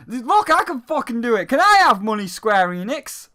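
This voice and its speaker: Man, game reviewer, sarcastic and swearing, bright lively voice. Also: extremely high pitch, moderate pace, hardly any pauses. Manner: sarcastic, profane, mocking.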